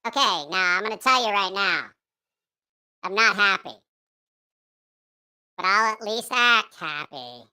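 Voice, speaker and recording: A man's voice: high-pitched, lively intonation, a little slow, pauses often, bright, forceful tone, clear, resonant tone, voice pushed up, full character voice. A man voicing a grumpy, foul-mouthed childlike puppet character while chatting on a livestream, grumbling and swearing. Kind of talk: livestream chat in a put-on voice.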